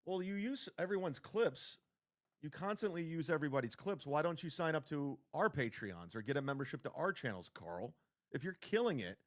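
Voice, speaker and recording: Ranting man with a lively voice. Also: a little high. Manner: mocking, ranting, heavy swearing. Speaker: streamer reacting to a clip. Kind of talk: livestream commentary.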